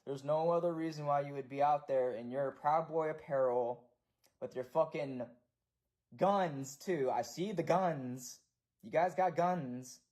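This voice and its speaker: Ranting young American man, somewhat high. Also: unhurried, darkish tone. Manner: profane, repetitive ranting. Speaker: livestreamer. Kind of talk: casual livestream rant.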